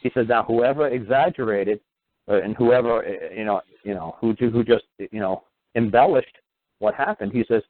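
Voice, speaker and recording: A talk show host with a mid-range voice speaks briskly, without echo, over tinny phone-line audio. He casually tells a long story, animatedly acting out the voices of the people in it.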